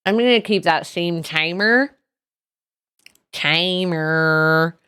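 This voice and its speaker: A woman's voice: fairly low pitch, pushed and bright, clear, resonant tone. A woman streaming a video game, commenting live and often exclaiming and squealing as she plays.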